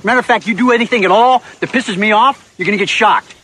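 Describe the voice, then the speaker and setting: An actor playing a bossy male guard who gives loud, curt, threatening orders to prisoners in a TV drama. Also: sits high, fast, husky, soft background music, exaggerated voice, poor audio. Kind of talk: TV drama acting.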